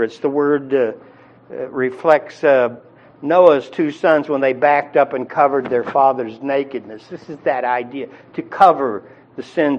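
A man's voice: mid-range voice, lo-fi sound. A man preaching a sermon in a conversational teaching style, with frequent fillers and restarts. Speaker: pastor.

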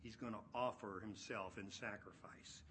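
A man preaching an expository sermon, animated, acting out voices and swinging from loud to hushed. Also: lowish voice, moderate pace, a little hiss or hum.

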